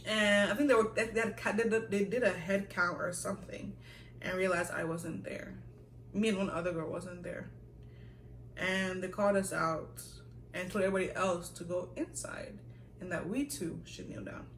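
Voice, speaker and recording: A young woman vlogger telling a story in a casual, animated way, with laughs and asides. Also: fairly low pitch, moderate pace, a little hiss or hum. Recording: echoey room, a little far from the mic.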